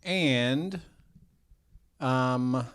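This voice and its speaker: A young male podcast host in relaxed comedic banter, spinning bits and hypotheticals. His voice sits in an ordinary middle pitch, loose and conversational. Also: drawn-out words, smooth. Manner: riffing, jokey storyteller. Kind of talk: casual comedy chat.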